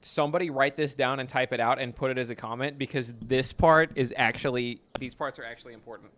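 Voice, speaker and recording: A man's voice: medium pitch, steady tone, quick pace, fairly bright tone. A young man streaming a game live, chatting with his viewers and reading lines aloud in playful theatrical bursts with crude jokes.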